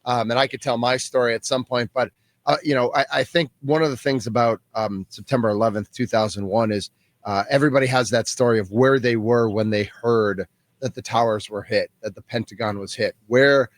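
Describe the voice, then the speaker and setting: Male co-host, dry studio sound, hesitant, many ums, middle pitch. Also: steady tone, fairly quick, dry recording. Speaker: radio co-host. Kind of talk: casual radio interview.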